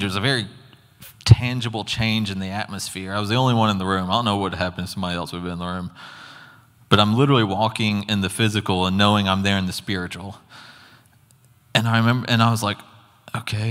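A lower-voiced man preaches a testimony and tells it as a story, speaking earnestly and acting out his own reactions. His voice rings with long reverb in a church hall. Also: fairly even intonation, fast, fairly bright tone. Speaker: guest preacher. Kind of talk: sermon testimony.

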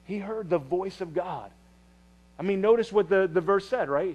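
A pastor with a high voice preaches a conversational sermon at a normal pace. He often repeats phrases and restarts, dropping to a hush for the quieter passages.

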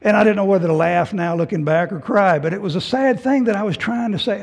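Man, middle-aged, pastor, sermon, husky voice, high pitch, long church reverb. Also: fast talker, few pauses. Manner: emotional personal testimony, swinging from loud to hushed. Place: church sanctuary.

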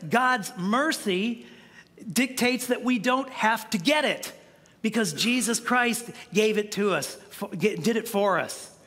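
High-voiced, bright-toned pastor preaching. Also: male voice, big-room sound. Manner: conversational preaching with frequent restarts and stammered repeats. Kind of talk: sermon. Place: church sanctuary.

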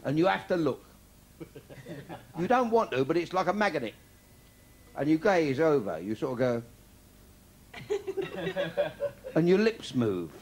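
A man's voice: on the high side, very animated, takes it slowly, pauses often. An older man from London with a Cockney accent, delivering a bawdy stand-up comedy routine in punchy one-liners. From London, England.

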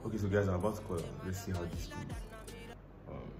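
A man's voice: deep voice, fast talker. A young man chatting playfully to his viewers in a casual vlog, talking straight to the camera. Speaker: vlogger. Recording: echoey room with music behind.

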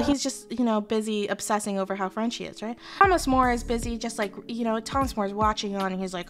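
A woman's voice: a little high, quick pace, hardly any pauses, a bit bright, faint music behind. A woman telling a history story in a casual, comic way, irreverent and profane, with lots of fillers. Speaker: history storyteller, virtual streamer.

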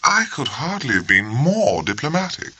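A man's voice: mid-range voice, big pitch swings, moderate pace, sharp tone, breathy edge, no room sound, voice pushed up, exaggerated voice, poor audio. A man voicing a grave, formal and very courteous naval officer who speaks with stiff precision. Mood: dryly amused.

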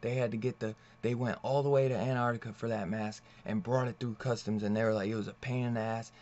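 A man talks through a comic book issue in a loose, rambling rant, cursing freely and breaking into laughs. His voice sits at an ordinary male pitch. The recording is dull and lo-fi. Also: steady tone, quick pace, a little mellow. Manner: loose, profane, laughs often. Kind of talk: casual rambling comic review.

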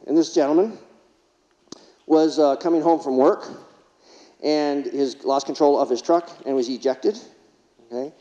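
A middle-aged man gives a keynote speech in a large hall, telling stories from his years as a paramedic and putting questions to the crowd. His voice is slightly high and mellow. The sound is dull and lo-fi, with a long echo from the hall. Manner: storytelling, asks the audience questions. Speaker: keynote speaker, former paramedic.

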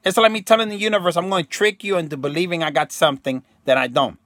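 A man's voice: sits high, fairly even intonation, fast talker, a bit bright, no room sound, clean studio sound. A man talking casually and emphatically to his viewers in a rambling monologue, slipping into slang and acting out quotes. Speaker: self-help video host.

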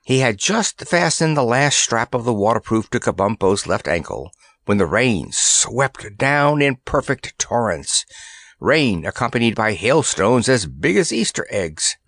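A man narrating a children's fantasy story in an expressive, animated storytelling manner. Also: medium pitch, a little slow, no room sound, studio quality. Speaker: audiobook narrator.

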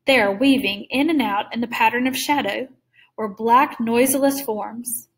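A woman reading a story aloud in a measured way, slowing down for suspense. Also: on the high side, distant mic. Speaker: reader. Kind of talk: read-aloud story narration.

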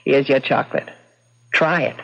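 A woman's voice: rumbling low, normal speed, creaky, husky, full character voice. An actress playing a lonely widow who dotes on her ghost husband, in old-time radio drama style. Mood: doting. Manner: gushing, pleading, doting. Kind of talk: 1940s radio acting. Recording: muffled old radio broadcast.

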